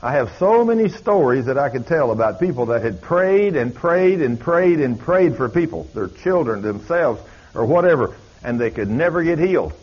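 A man's voice: on the high side, lively intonation, moderate pace, a little mellow, slightly rough. A male preacher, telling stories in a folksy, emphatic drawl. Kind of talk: sermon storytelling. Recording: dull lo-fi recording.

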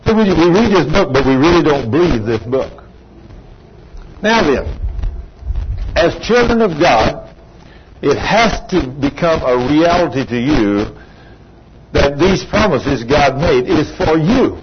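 Animated preacher man, muffled church recording. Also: fairly high pitch, slow pace, long pauses. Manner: conversational, animated, rising for emphasis. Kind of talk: sermon. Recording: muffled lo-fi recording with background noise.

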